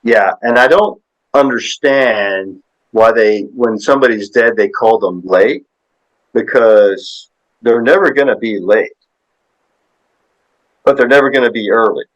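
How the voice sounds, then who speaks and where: A man in his sixties, appearing as a podcast guest, tells a story in a rambling, folksy style, leaning on plenty of tag questions. His voice is medium in pitch and his pace is measured, broken by long pauses. The audio sounds dull.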